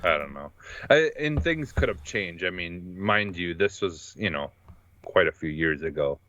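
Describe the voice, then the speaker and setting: A man from Wisconsin co-hosting a casual podcast chat, talking in halting restarts and chuckling. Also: sits low, lively intonation, sharp tone, a little hiss or hum. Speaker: podcast co-host. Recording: dull, dry lo-fi mic.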